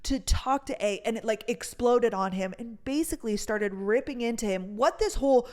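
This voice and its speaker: A woman's voice: fairly high pitch, normal speed, a little mellow. A young woman hosting a podcast and telling a long story in casual chat, full of fillers and swearing. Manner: chatty, fills with "like", swears freely. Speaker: podcast host.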